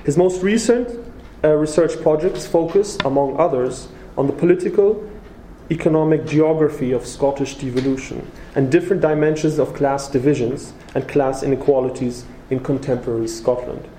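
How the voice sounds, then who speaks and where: Male host, slightly higher voice, dark mellow tone, roomy hall, halting formal intro. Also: slight background noise. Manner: hesitant, frequent fillers. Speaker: event host introducing speaker. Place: lecture room. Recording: roomy hall with faint ambience.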